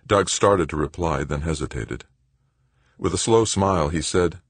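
A man reading a novel aloud in a measured storytelling manner. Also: very deep voice, slightly rough, no echo. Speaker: audiobook narrator. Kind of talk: scripted narration.

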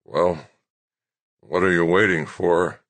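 A man voicing a cranky, failing old general who speaks slowly in a slurred, croaking voice. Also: deep voice, fairly even intonation, fairly bright tone, no room sound, full character voice. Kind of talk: audiobook character voice.

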